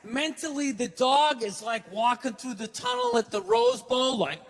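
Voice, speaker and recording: A man from the United States performing a stand-up comedy set on stage, telling stories with loud bursts and acted-out quotes. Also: extremely high pitch, sing-song, measured pace, hardly any pauses. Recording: live hall reverb, faint noise.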